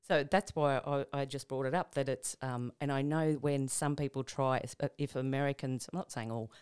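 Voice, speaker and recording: A woman's voice: a bass voice, fairly even intonation, brisk, a little mellow, smooth, no echo, clean studio sound. Gushing Australian woman host. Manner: gushing, enthusiastic, casual slang. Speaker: podcast host. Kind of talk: casual interview.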